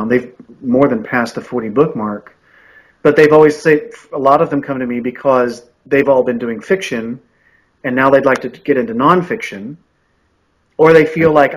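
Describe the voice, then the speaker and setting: Heard over poor audio, this medium-pitched man in his forties works as an audiobook narrator and coach. He responds to podcast interview questions in an earnest, reflective way, often restarting what he says.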